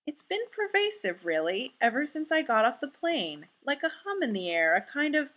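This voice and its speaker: An earnest, formal young man, read by a woman. The voice is bright and sits a little high, and it speaks with plain sincerity. The whole part is read as part of an audiobook-style story. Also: very animated, moderate pace, heavily acted.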